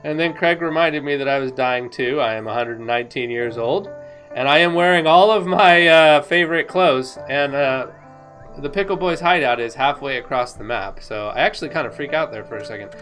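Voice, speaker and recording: A woman talking casually over her own gameplay footage, excitable and rambling, laughing often. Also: rumbling low, brisk, soft background music. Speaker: gaming video creator.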